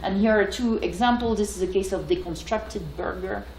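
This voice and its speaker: A French-accented woman gives a lecture in an echoey hall, with a faint hum of room noise behind her. She talks hesitantly, with many fillers and restarts, at an even middle pitch. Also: fairly quick. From France. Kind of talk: academic lecture.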